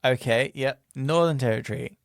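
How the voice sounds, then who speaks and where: A young Australian man co-hosting a podcast with a gravelly, creaky voice. He jokes a lot, laughs easily and often leaves sentences hanging. The recording is dry and close. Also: mid-range voice, normal speed, dry recording. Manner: joking, laughs often, trails off mid-sentence. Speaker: podcast co-host. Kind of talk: casual chat.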